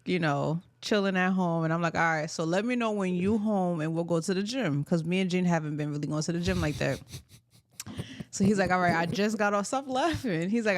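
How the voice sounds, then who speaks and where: A woman's voice: lowish voice, slight background noise. A woman co-hosting a casual podcast, teasing her friend and telling stories. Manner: playful, teasing storyteller. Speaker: podcast co-host. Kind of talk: casual chat.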